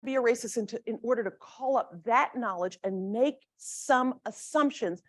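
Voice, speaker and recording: A woman with a high-pitched voice delivers an academic lecture with emphatic phrasing. She keeps checking in with the audience through a rhetorical "right?". Her voice sounds dry and close, with little room sound. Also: moderate pace, dry recording. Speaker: grand rounds lecturer.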